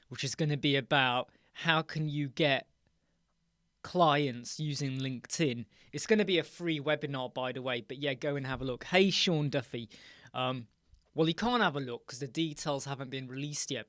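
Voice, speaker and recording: A man's voice: medium pitch, a bit bright, no echo, studio quality. A man hosting a live Q&A stream from his room, chatting casually and greeting viewers by name. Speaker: host.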